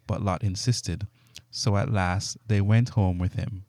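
A man reading scripture aloud in a steady, measured way. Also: low voice, dry recording. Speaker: Bible reader.

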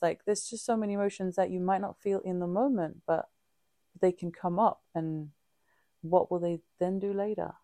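A woman's voice: fairly low pitch, fairly even intonation, mellow, dry recording, studio quality. A woman co-hosting a podcast, talking candidly and reflectively in casual chat, often restarting her sentences. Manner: halting, frequent restarts and fillers; open and reflective. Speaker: podcast co-host.

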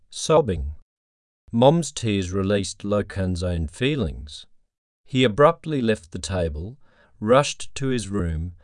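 A man narrating a scripted story in a solemn, measured way on a close mic. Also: lowish voice, no echo.

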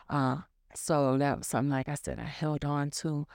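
A woman's voice: sits low, level tone, moderate pace, creaky, a little mellow, no echo, clean studio sound. A woman sharing a personal testimony as a church member, talking candidly and conversationally with frequent fillers. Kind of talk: personal testimony, casual storytelling.

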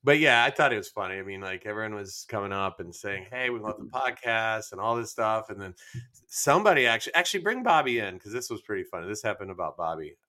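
Fast, lively joking podcast host man. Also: on the low side. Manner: animated, jokey storyteller, teasing. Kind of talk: casual chat.

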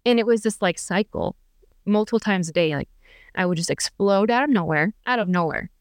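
A woman's voice: medium pitch, lively intonation, fairly quick, no echo, studio quality. A young adult woman telling her own story as a podcast guest, chatty and candid, full of fillers and restarts. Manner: chatty, many fillers and restarts, laughs between thoughts.

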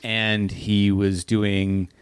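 A man's voice: on the low side, level tone, very slow, clear, resonant tone, no room sound. A man co-hosting a podcast, chatting animatedly and laughing easily. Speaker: podcast co-host. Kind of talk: casual podcast chat.

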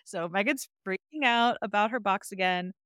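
A woman's voice: mid-range voice, normal speed, fairly bright tone, clean tone, no echo, studio quality. A woman co-hosting a casual podcast, animatedly retelling scenes and acting out the characters' lines with frequent laughter. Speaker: podcast co-host. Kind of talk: casual chat recapping a TV episode.

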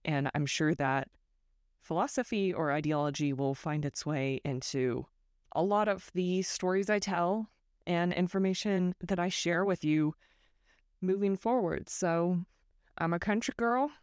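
Alone at a close microphone, a Northern California woman hosts her podcast in a reflective monologue, her voice low, even, clear and resonant. Unhurried and thoughtful, she drifts into tangents and pokes fun at herself. The recording is dry, without any room sound.

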